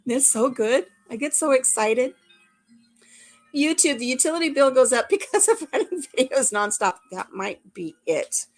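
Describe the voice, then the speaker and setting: An older woman chatting casually to her viewers on a live stream. She rambles cheerfully and laughs at herself often. Her voice sits a touch above the usual pitch. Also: expressive, moderate pace, soft background music. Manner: chatty, laughing, self-deprecating. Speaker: vlog host.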